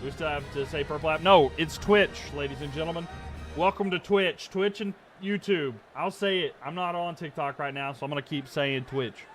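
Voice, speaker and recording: Guy streaming a football game, kinda high and bright, yells the big plays, grumbles in between. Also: normal speed, soft background music. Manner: frustrated asides between excited play calls. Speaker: streamer doing play-by-play of a video game. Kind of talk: live-stream commentary.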